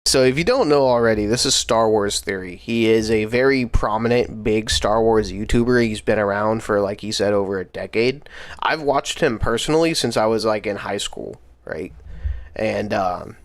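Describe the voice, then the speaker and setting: A man's voice: fairly low pitch, moderate pace, dry recording. A young man hosting a livestream, talking casually with slang and lots of fillers. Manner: laid-back slangy talk with many fillers. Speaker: livestream host. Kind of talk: casual stream chat.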